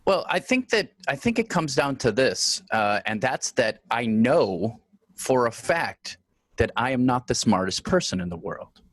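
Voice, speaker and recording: A man panelist in a casual chat, measured and reflective. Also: medium pitch, sing-song, a bit bright, no echo.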